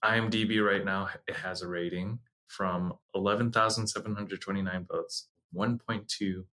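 A man's voice: sits low, fairly even intonation, normal speed, pushed and bright. A man co-hosting a casual podcast chat, easygoing and laid-back as he talks about a show. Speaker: podcast co-host.

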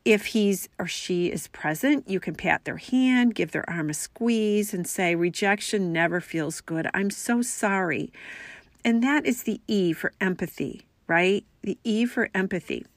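A woman hosting a radio talk show, calmly coaching listeners on how to talk with loved ones. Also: mid-range voice, measured pace, few pauses, dry recording. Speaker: radio show host and family communication coach.

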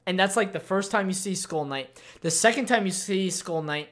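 A man's voice: sits high, moderate pace, a bit bright. Give me a man rambling casually as a podcast co-host, full of fillers. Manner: rambling, frequent fillers and restarts. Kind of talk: casual anime discussion.

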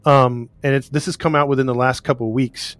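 A man's voice: mid-range voice, steady tone, a little fast, a bit bright, no echo. A man co-hosting a casual chat, recounting a case in a rambling way with restarts and laughs. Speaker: podcast co-host recounting a case.

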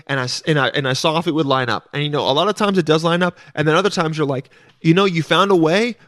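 A man's voice: mid-range voice, no echo, clean studio sound. A man hosting a podcast alone, rambling casually with lots of swearing and restarts. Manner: rambling, profane, self-interrupting. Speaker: podcast host. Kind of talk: casual solo monologue.

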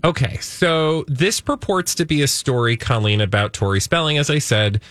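Male podcast host, casual comedic chat, lively pitch, playful, mock-outraged, dry close sound. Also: moderate pace, dry recording.

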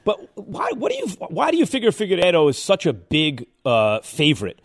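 A man hosting a sports radio show, interviewing a guest and thinking out loud with restarts as he probes. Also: high-pitched, wildly swooping pitch, fairly quick. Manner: probing, thinks aloud with restarts.

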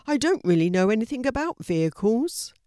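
A woman's voice: on the high side, sing-song, brisk, mellow, no room sound, studio quality, voice pushed up. A woman voicing a friendly, slightly flustered village postman in a storybook reading. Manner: friendly, puzzled, grateful. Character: kindly village postman, grown man, a bit flustered.

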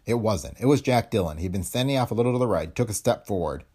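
A man narrating a pulp detective story in an expressive, dramatic storytelling manner. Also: on the low side, quick pace, husky.

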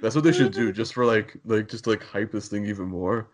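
A man's voice: lowish voice, brisk. A man co-hosting a comedy podcast, laid-back and filling his riffs with "like". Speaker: podcast co-host.

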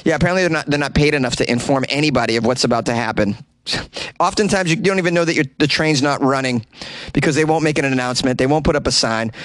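A man's voice: mid-range voice, fast talker, a bit bright, dry recording. A man hosting a comedy news podcast, reading articles aloud and mocking them sarcastically, recorded in a small closet. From lived in New York City. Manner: sarcastic, riffing on articles he reads. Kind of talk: comic news commentary.

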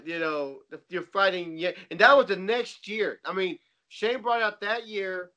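A man with a high, bright voice chimes into the conversation. He is animated and swears freely, throwing quick reactions into the chat. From Texas. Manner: animated, profane, quick to jump in. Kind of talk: casual chat.

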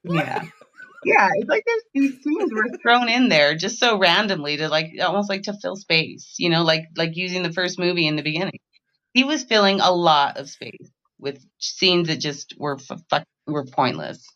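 A woman's voice: fairly low pitch, expressive, normal speed, a bit bright. A woman guest on a podcast, chatting casually, exasperated and swearing freely as she rambles. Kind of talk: casual chat. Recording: dull lo-fi line.

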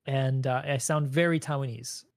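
Animated man with a dry close sound. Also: medium pitch, normal speed, no echo. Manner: animated storyteller, acts out quotes. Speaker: guest content creator. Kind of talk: casual panel chat.

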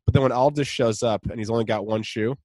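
A man co-hosting a podcast, chatting casually and enthusiastically, laughing often as he acts out quotes. His voice sits at an ordinary mid pitch. The recording is dry and close, with no room echo. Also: fast talker, a little mellow. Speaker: podcast co-host. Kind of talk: casual chat.

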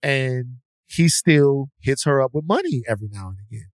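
A man's voice: mid-range voice, animated, normal speed, no echo, clean studio sound. A man co-hosting a podcast, telling a story in a casual, slangy, rambling way with restarts. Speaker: podcast co-host.

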